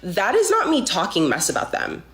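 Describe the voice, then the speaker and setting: A woman's voice: medium pitch, wildly swooping pitch, normal speed. A woman giving blunt advice in a clip, listing her points by number. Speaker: commentator in a played video clip. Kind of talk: direct advice talk. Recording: roomy echo.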